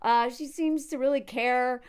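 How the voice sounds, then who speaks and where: Woman, high voice, casual commentary host, animated and laughing. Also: measured pace, clear, resonant tone. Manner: animated, frequent laughs, acts out quotes in character voices.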